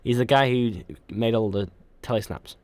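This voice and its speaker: A man's voice: medium pitch, moderate pace, darkish tone, dry recording. A young man co-hosting a podcast in casual chat, rambling with frequent ums and restarts. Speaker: podcast co-host.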